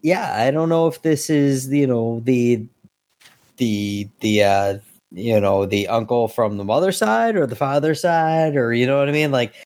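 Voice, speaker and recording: A man's voice: mid-range voice, unhurried, a little mellow, dry recording. A man appearing as a podcast guest, chatting casually about comics in a loose way, with lots of fillers and some swearing.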